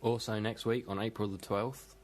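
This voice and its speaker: Low-voiced British man with dry wit. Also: little pitch movement, normal speed, darkish tone. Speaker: podcast co-host. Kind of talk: casual podcast chat, reading news.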